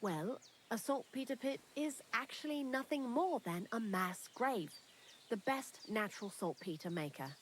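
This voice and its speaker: A woman's voice: a little high, animated, unhurried, a little hiss or hum. A woman voicing a talkative young woman hiding out in a thieves' lair in a video game, candid and dryly morbid. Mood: chatty. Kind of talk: game character dialogue.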